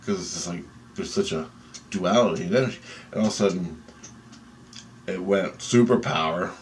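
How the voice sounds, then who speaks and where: A man telling a dream story in an excitable, rambling way, swearing often and restarting sentences. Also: low-pitched, moderate pace, slight background noise.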